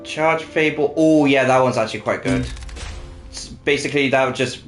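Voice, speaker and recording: A man's voice: mid-range voice, moderate pace. A man co-hosting a casual gaming session, chatting and thinking aloud with lots of fillers as he plays. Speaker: co-host playing the game. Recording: roomy echo with faint music.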